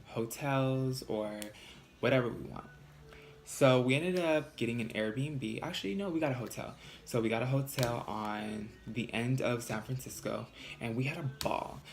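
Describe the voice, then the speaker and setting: Young guy vlogger, sassy and blunt, mid-pitched voice, casual storytime delivery. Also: slight background noise. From California. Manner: animated, sassy, swears freely.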